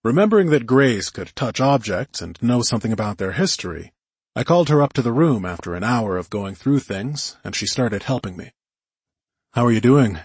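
A man narrating a first-person audiobook in a calm, measured way. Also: mid-range voice, breathy edge, no room sound.

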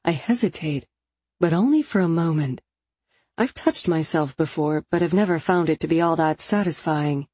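A woman narrating a first-person romance novel in an intimate, expressive storytelling manner. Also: low voice, moderate pace, husky, dry recording. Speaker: audiobook narrator.

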